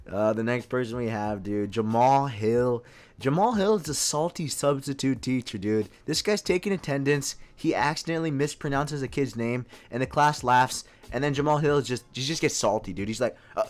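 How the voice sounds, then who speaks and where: A young man in his twenties riffs casually through a comic ranking. His voice sits in a middle pitch and he peppers every line with dude. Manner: casual, says dude constantly. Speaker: video host. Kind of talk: comedic tier-list commentary.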